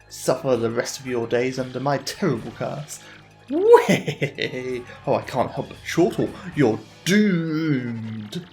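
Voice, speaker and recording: A man's voice: mid-range voice, gravelly. A man voicing a spiteful, cackling demon trapped in a box, reading game dialogue aloud in a theatrical, gloating way. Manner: theatrical, gloating, squealing "whee".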